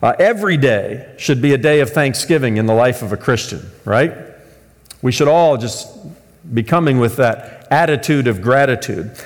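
An American man preaching a sermon as pastor, telling a story with animated, shouted punchlines. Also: mid-range voice, normal speed, big-room sound. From United States.

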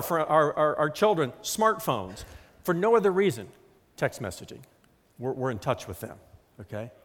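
A man's voice: medium pitch, fairly bright tone, big-room sound. A middle-aged man preaching a sermon as a pastor, emphatic and acting out quotes.

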